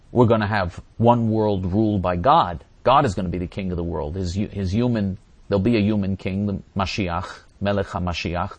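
Male religious teacher, low register, fervent delivery, dramatic quoting. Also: no room sound. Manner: intense, repeats phrases, quotes voices dramatically. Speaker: religious teacher answering viewers.

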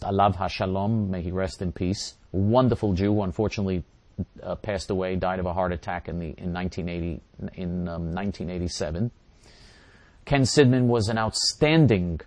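A middle-aged man with a fairly low voice hosts a talk show and answers listener questions. He talks emphatically and circles back over his own phrases, restarting sentences as he goes. His voice sounds dry and close on the mic, with no room behind it. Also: a little mellow, no echo. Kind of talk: casual monologue answering questions.

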